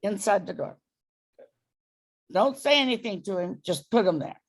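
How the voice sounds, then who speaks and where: A woman's voice: medium pitch, animated, moderate pace. A woman dog trainer giving a client patient, step-by-step instructions. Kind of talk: coaching a client through training.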